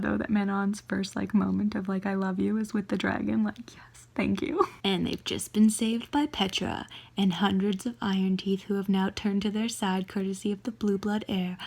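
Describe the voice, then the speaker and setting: A woman's voice: a little high, vocal fry, husky. A young woman in her bedroom, chatting emotionally and gushing about a book she is reading, with lots of filler words. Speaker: book vlogger. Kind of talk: casual reading vlog.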